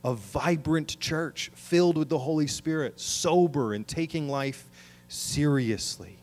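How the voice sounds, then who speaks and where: A man's voice: fairly high pitch, a little slow, a little mellow. A middle-aged man preaching a sermon as pastor, earnest, with emphatic rising calls.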